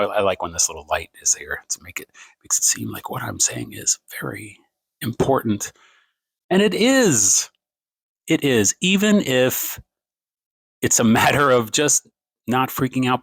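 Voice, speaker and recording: Late at night at home, a man who makes TikTok videos rants into his phone camera, rambling and poking fun at himself. He swings his pace and pitch for emphasis, and there is no echo.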